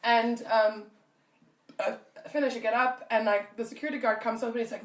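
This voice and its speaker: A woman from Namibia co-hosting a podcast, telling a story in an animated way and laughing often. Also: fairly high pitch, brisk, echoey room, far from the mic. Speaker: podcast co-host. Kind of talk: casual chat.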